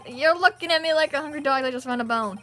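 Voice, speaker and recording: A cool, probing male prosecutor questions a witness in a game, read out by a woman. His lines come dry and pointed in a bright, high voice. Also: fast talker, slight background noise.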